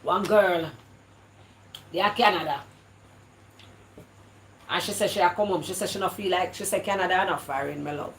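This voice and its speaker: A woman's voice: fairly low pitch, brisk, long pauses, roomy sound, a little hiss or hum, rough recording. A Jamaican woman from Jamaica chatting casually to her live viewers, slipping into patois and often stumbling over and repeating her words. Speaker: vlogger. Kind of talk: casual live-stream chat.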